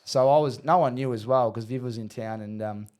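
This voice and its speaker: A man in his thirties with an Australian accent, telling stories as a podcast guest in a slangy, animated way, swearing freely. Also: mid-range voice, brisk. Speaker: podcast guest, former footballer. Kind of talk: casual storytelling.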